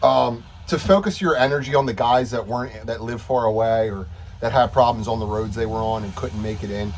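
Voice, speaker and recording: A man's voice: mid-range voice, brisk, slight background noise. A man giving a casual video update to coworkers as their union steward, frustrated and rambling, repeating himself.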